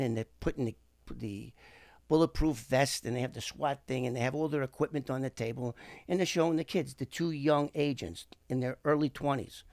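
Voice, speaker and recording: A man's voice: on the high side, no echo, studio quality. A middle-aged man, telling a story as an interview guest and acting out the voices of the people in it. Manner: animated, acts out quoted voices. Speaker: guest, former FBI informant. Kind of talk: casual storytelling.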